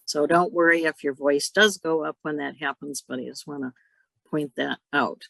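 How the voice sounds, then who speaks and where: Woman instructor for a video-call workshop, bright crisp tone, dry close sound, explains with stories. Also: low-pitched, fairly even intonation, moderate pace, no room sound, rough recording. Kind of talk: online workshop teaching.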